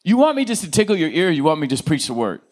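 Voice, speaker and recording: A male pastor preaching a lively sermon, joking with the congregation and asking them to answer back. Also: on the high side, very fast. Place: church.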